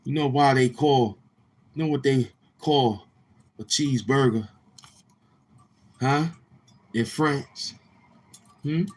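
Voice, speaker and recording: A man hosting a live stream, teasing and roasting a viewer in loud casual banter and often breaking into laughter. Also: mid-range voice, steady tone, takes it slowly, pauses often.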